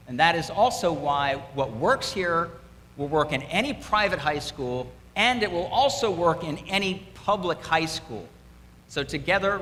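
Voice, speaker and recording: A man's voice: high voice, bright, forceful tone. A middle-aged man giving an upbeat, emphatic motivational speech to students at a school, repeating his key words. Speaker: donor addressing students. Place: school hall, audience present. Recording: echoey hall, faint room noise.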